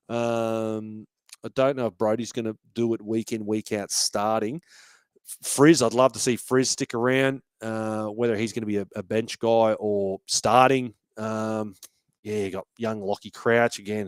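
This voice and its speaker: A man's voice: lowish voice, clear, resonant tone, no echo. A man hosting a casual fan podcast, talking with feeling, swearing freely and restarting his sentences often. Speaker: podcast host.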